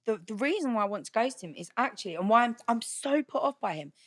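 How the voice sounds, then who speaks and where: A woman's voice: a little high, lively intonation, quick pace. A woman chatting casually on a podcast, blunt and candid, swearing freely as she talks about dating.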